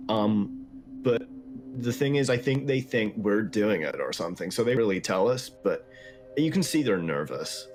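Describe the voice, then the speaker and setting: A man's voice: fairly low pitch, animated, normal speed, noisy background. A man narrating as dungeon master in a casual, hesitant way. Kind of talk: narrating a tabletop game.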